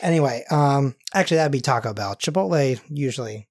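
Young adult host, casual jokey rambling, dry close mic, middle pitch. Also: lively intonation, fairly quick, no echo. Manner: rambling, jokey, many restarts. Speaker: podcast host. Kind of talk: casual chat.

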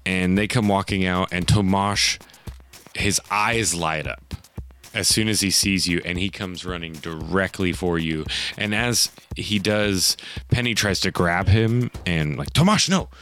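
A man narrating a tabletop game as game master, in a loose, lively storytelling way. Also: deep voice, unhurried, soft background music.

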